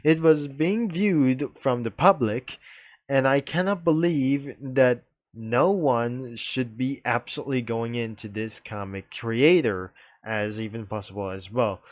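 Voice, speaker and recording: A man's voice: medium pitch, unhurried, dry recording, highs cut off. A young man giving casual, rambling commentary on his own channel while browsing a website, with loose phrasing and many fillers. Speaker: YouTuber. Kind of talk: casual screen-recording commentary.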